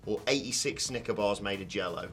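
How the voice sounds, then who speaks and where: A bright, clear-toned man co-hosting a wrestling podcast. He jokes around in loose, chatty banter at an ordinary pitch, with faint music underneath. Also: brisk. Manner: joking, chatty, breaks into silly sung lines. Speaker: wrestling news co-host.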